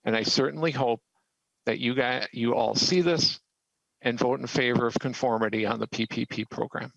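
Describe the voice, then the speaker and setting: A man's voice: medium pitch, fairly even intonation, normal speed, gravelly, a bit bright, dry recording, lo-fi sound. A man who owns a small business, giving earnest, emphatic testimony to a legislative committee. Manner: earnest and emphatic, pressing his point. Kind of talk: formal testimony, pleading a case.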